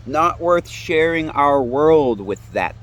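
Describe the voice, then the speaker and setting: A man's voice: on the high side, expressive, takes it slowly, a bit bright. A man in his late thirties giving a profane, rambling, heated monologue outdoors. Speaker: vlogger. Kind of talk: ranting monologue. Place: outdoors near woods.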